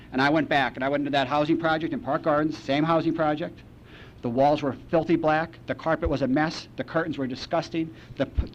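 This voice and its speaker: A man speaking at a recovery meeting, telling a personal story in a wry, deadpan storytelling way, on a muffled archival recording. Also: on the high side. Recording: muffled archival tape with faint noise.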